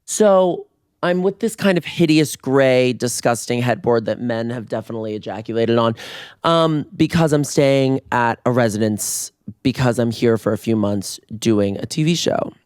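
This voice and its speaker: Playful campy guy chatting on his podcast, bit hoarse, dry close sound. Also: medium pitch, fairly even intonation, moderate pace, a little mellow, no echo. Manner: playful, campy, with sudden screams. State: voice going hoarse. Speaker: podcast host. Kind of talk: casual solo podcast chat. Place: residence room in Toronto. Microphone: podcast mic on video.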